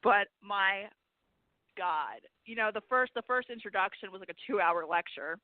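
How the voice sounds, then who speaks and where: A woman's voice: mid-range voice, animated, moderate pace, no room sound. Woman cohost on talk radio, bubbly, laughs a lot, phone line sound, dry. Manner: bubbly, laughs often, many fillers. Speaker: radio show co-host. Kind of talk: casual political talk radio chat.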